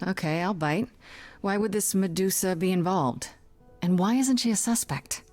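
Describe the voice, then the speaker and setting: A woman's voice: medium pitch, normal speed, a little mellow, close to an everyday voice. An actress playing an earnest young woman investigating a death in a video game, speaking plainly. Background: faint game music.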